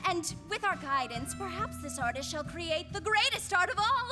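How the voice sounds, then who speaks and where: A woman's voice: very high voice, big pitch swings, normal speed, loud music behind the voice. A woman acting in a stage musical rehearsal as a theatrical young muse leader, declaiming in a lofty mock-archaic way. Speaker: stage actor.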